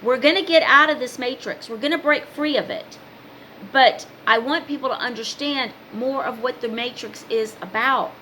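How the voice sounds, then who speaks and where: A woman's voice: high-pitched, normal speed, pushed and bright, a little hiss or hum, rough recording. A woman talking casually to her viewers, giving spiritual advice in an emphatic, preachy way with many repeated commands. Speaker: spiritual advice vlogger and card reader.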